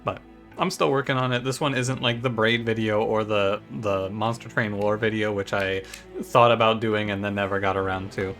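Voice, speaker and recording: A man's voice: on the low side, flat delivery, moderate pace, a bit bright, faint music behind. A man casually chatting to his viewers in a rambling way while commenting on his gameplay. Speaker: gaming YouTuber.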